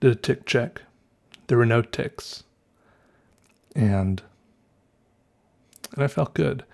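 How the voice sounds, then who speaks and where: A man's voice: mid-range voice, takes it slowly, creaky, darkish tone. Rambling Southern man musing aloud. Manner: meandering, self-correcting, musing aloud. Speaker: vlogger. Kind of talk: casual rambling monologue.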